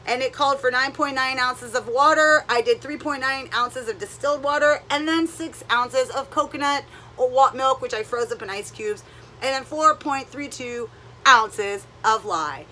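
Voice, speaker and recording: Rambly jokey woman doing a soap how-to in her kitchen, kinda high voice. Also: normal speed, sharp tone, slight background noise. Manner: chatty, rambling, jokey asides to viewers. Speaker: soap-making vlogger. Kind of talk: casual how-to demo.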